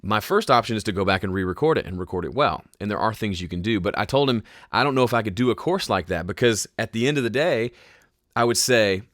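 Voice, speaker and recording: Guy with a lowish smooth voice doing a laid back q&a podcast, chatty, lots of ums, dry close mic. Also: fast talker, no echo. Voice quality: smooth, polished speaking voice. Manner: relaxed, conversational explaining with ums and restarts. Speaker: host answering viewer questions. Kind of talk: casual live Q&A podcast. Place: home studio.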